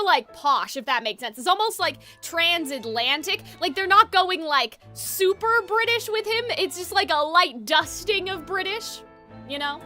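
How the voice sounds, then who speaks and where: High-pitched young woman rambling to her stream chat, giggly, faint music underneath. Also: pushed and bright. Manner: chatty, giggly, lots of fillers. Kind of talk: casual live-stream chat.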